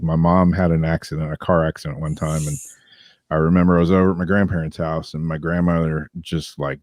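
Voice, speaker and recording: A man's voice: a bass voice, a little mellow, no room sound, studio quality. A man, co-host of a casual chat show, telling rambling stories with many fillers and laughs.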